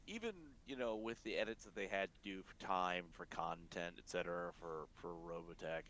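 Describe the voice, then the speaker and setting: A man's voice: deep voice, normal speed, a bit bright, slight background noise. A man co-hosting a casual anime discussion podcast, filling in details and reflecting thoughtfully, with some hesitations. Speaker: podcast co-host.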